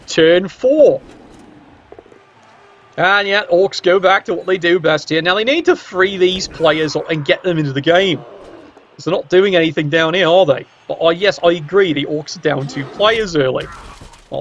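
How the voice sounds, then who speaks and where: A man doing play-by-play commentary of a video game match, with cheeky, sardonic asides and sudden jumps up in pitch. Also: moderate pace, a bit bright, dull audio, a little hiss or hum.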